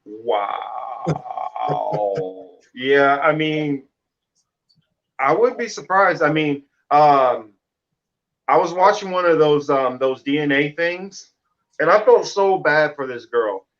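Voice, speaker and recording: A man's voice: on the high side, expressive, slow, a bit bright. A man from Kansas City, co-hosting a casual discussion, rambling through stories with lots of fillers. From Kansas City, Missouri. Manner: rambling, storytelling with many fillers. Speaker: co-host. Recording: muffled lo-fi audio.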